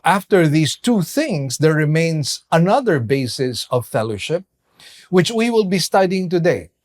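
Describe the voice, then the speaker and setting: A male pastor giving a measured sermon, pausing for emphasis as he explains scripture. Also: fairly high pitch. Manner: slow, measured preaching with emphatic pauses.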